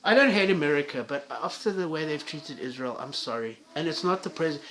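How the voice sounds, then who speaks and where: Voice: medium pitch, lively intonation, fast, fairly bright tone, slight background noise. A vlogger delivering an angry, profane solo rant to viewers, with heated stammering restarts.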